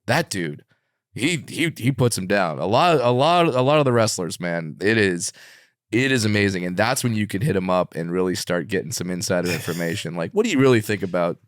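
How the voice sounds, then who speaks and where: Lively laughing comedian, low voice. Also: male voice, fairly quick, dry recording, clean studio sound. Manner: lively, laughing, restarts mid-sentence. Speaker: comedian guest. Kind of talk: casual chat, animated storytelling. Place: podcast studio.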